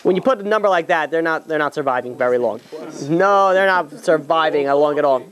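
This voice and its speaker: A male rabbi giving an animated storytelling sermon, talking straight to his listeners with many restarts. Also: fairly high pitch, a little fast. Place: speaking in New York.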